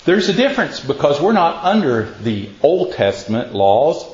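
Guy pastor giving a laid-back sermon, kinda high voice, tells homey stories, asks the room questions, muffled echoey recording. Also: sing-song, moderate pace, darkish tone. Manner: folksy storytelling, quizzes the listeners. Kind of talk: casual sermon to a congregation.

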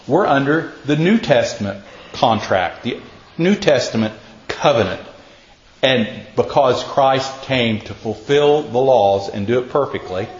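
A man's voice: medium pitch, expressive, measured pace. A man preaching a casual sermon, telling folksy stories and quizzing his listeners. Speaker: pastor. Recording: echoey, muffled room recording.

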